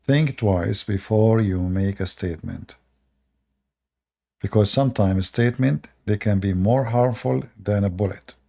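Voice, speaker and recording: Channel host, male: preachy advice monologue, non-native English, dark mellow tone. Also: on the low side, a little slow, gravelly. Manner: lecturing, rhetorical questions, repeats short commands.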